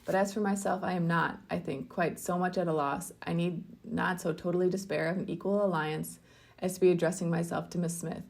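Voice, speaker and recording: A conceited young clergyman from a classic storybook, pressing his suit with effusive, pompous declarations. A woman reads him in a low voice with a gravelly edge. His manner is eager and self-assured. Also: steady tone, fairly quick, darkish tone. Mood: ardent.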